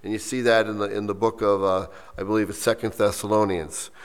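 A man preaching a sermon as pastor, reading quoted lines slowly and with emphasis, then dropping to soft asides. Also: on the low side, flat delivery, smooth, big-room sound.

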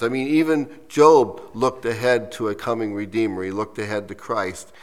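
A man preaching a sermon as pastor, reading quoted lines slowly and with emphasis, then dropping to soft asides. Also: lowish voice, long reverb tail.

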